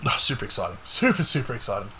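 A young man hosting a casual gaming podcast, talking excitedly and swearing a lot. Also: fairly low pitch, racing, slight background noise. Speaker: podcast host.

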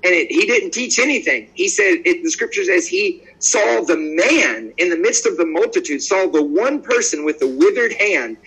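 Husky-voiced evangelist telling stories. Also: male voice, high-pitched, normal speed, hardly any pauses, rough recording. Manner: lively storyteller acting out quoted dialogue; bold and outspoken. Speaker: evangelist guest. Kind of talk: conversational podcast interview.

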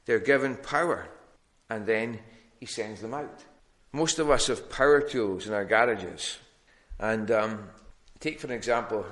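A man's voice: medium pitch, pushed and bright. Man preaching an earnest sermon. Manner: earnest, plain-spoken with frequent restarts. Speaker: pastor.

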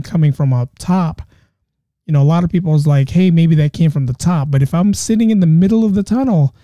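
Dark-toned male podcast host. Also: fairly high pitch, dry recording, studio quality. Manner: rambling, restarts often. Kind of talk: casual monologue.

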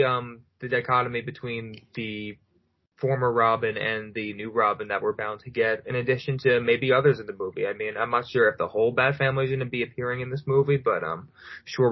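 Enthusiastic male podcast co-host, lo-fi. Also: medium pitch. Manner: enthusiastic, hedging with ums. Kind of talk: casual chat. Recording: dull lo-fi sound.

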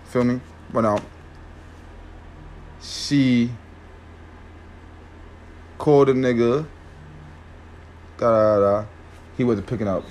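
A man's voice: medium pitch, slow pace, pauses often, a little mellow, a little hiss or hum. Male storyteller, casual slangy delivery, rambling, mid-range voice, keeps checking in with listeners.

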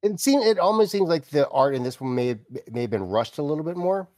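A man's voice: on the high side, lively intonation, fast talker, a little mellow, no echo, studio quality. A man co-hosting a casual comic book podcast, rambling and enthusiastic, with lots of likes and I means. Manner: rambling, enthusiastic, hedging with fillers. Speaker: podcast co-host.

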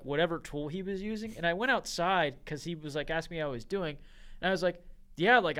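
A young man, a podcast co-host, telling a story in casual chat, full of "like" and laughing as he goes. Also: a little high. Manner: animated, heavy use of "like", laughs while telling stories.

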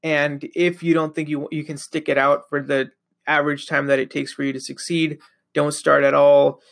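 A man's voice: on the high side, flat delivery, normal speed, vocal fry, fairly bright tone. A young man hosting a podcast, talking in a loose, rambling solo monologue full of fillers, sleepy and yawning at times. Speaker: podcast host.

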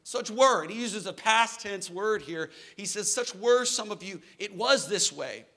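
A man's voice: high-pitched, expressive, unhurried, pushed and bright. A man in his thirties preaching a sermon in a church hall, earnest and building to emphatic declarations. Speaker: pastor.

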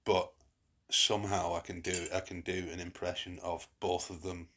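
A man hosts a relaxed podcast conversation in a very deep, husky voice. He rambles, circling back with fillers and false starts as he talks through his picks. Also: moderate pace. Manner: rambling, many restarts and fillers. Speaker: podcast host. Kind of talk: casual chat.

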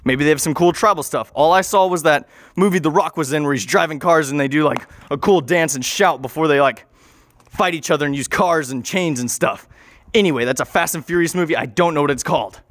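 A man improvising an absurd story in a rambling, excitable way, swearing and acting out the scenes. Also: fairly high pitch, a little fast, no echo.

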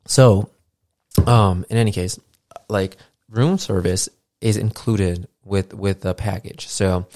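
This podcast host speaks slowly in a fairly low, darkish voice, rambling solo through a casual show peppered with fillers and swearing. The recording is dry, made with a studio mic and podcast mixer.

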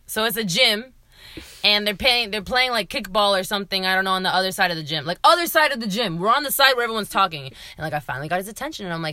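Animated young woman telling stories. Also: medium pitch, quick pace, dry recording, clean studio sound. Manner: animated, laughing storyteller, swears freely. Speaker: podcast co-host. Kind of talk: casual storytelling chat.

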